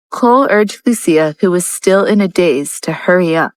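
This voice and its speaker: A woman narrating a romance audiobook in a steady, even reading style. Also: fairly low pitch, moderate pace, no echo, poor audio. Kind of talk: scripted narration.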